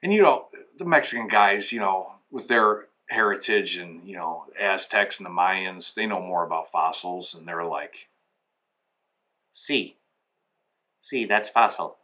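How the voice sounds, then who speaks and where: A man's voice: low voice, moderate pace, hardly any pauses, sharp tone. A man telling a rambling comedic story, acting out both sides of each conversation. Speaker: comic storyteller. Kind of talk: comedic anecdote monologue.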